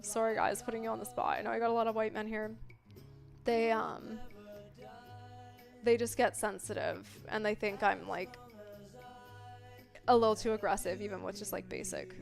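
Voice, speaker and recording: A young woman chatting casually on a live stream, expressive and full of filler words, jumping between loud bursts and mellow talk. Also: on the high side, gravelly. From Italian family background.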